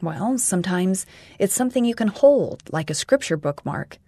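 A man doing a soft-spoken patient mother. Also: sits high, lively intonation, normal speed, no room sound, studio quality, voice pushed up. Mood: gentle. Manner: gently explaining. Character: patient gentle mother of young kids. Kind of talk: storybook reading.

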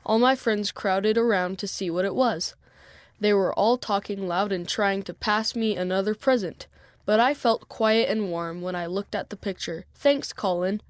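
A woman reads a children's story aloud in first person, clearly and evenly. Her voice sits in a middle pitch, recorded dry and close with no room sound. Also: dry recording. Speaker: storybook reader.

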